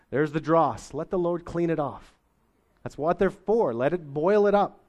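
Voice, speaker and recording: A man's voice: a little high, measured pace, a little mellow. A middle-aged man preaching a sermon as pastor, in a folksy, conversational way with homely sayings.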